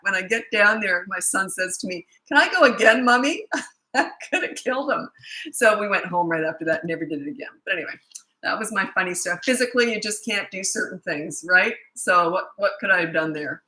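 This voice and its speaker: A middle-aged woman coaching parents in a relaxed Q&A, blunt and matter-of-fact. Her voice is sharp and forceful, and it sits slightly low. She slips into anecdotes and laughs easily as she talks. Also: brisk, rough recording. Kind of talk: casual Q&A answering viewer questions. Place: Australia.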